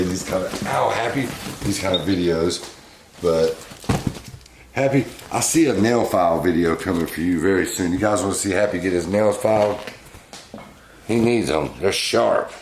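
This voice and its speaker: A man's voice: low-pitched, echoey room, noisy background. A man hosting a casual pet vlog from his home, chatting to his pets in a doting, chuckly way. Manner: doting, chuckling, softens to cooing. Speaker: pet owner and channel host.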